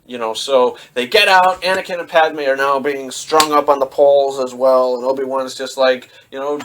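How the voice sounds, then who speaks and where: A young man giving a casual spoken film review, rambling with lots of fillers and bursting into animated mimicry of the dialogue. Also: medium pitch, moderate pace, few pauses, background noise. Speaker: movie reviewer.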